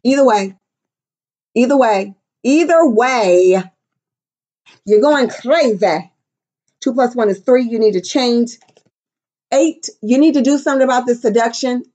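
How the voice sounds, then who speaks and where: A woman's voice: fairly high pitch, normal speed, dark tone. A middle-aged woman giving a casual tarot reading, brash and profane, clowning around with silly voices and bits of song. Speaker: tarot reader.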